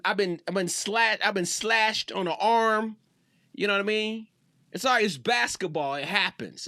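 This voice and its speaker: A man's voice: high-pitched, bright, forceful tone, dry recording, clean studio sound. A man in his thirties hosting a podcast, ranting in a casual, slangy way and repeating himself for emphasis. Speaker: podcast host. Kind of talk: casual sports rant.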